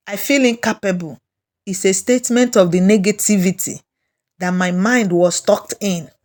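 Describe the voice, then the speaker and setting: A woman with a Nigerian English accent giving a slow, repetitive self-help lesson, coaching listeners through their feelings. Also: mid-range voice, darkish tone.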